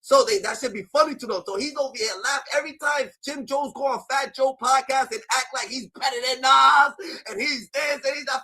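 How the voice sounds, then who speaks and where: A man giving ranting commentary, animated and profane, packed with filler sounds. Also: very high voice, fairly quick, slightly rough, poor audio.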